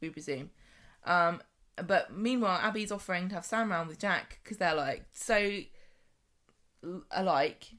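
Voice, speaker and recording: A woman's voice: lowish voice, measured pace, fairly bright tone. A woman co-hosting a podcast in a chatty, rambling, jokey way. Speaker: podcast co-host. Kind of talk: casual chat.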